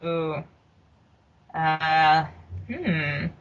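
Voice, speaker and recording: A woman's voice: deep voice, drawn-out words, lo-fi sound. A woman guest on an interview show, chatting easily and laughing often. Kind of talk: casual interview chat.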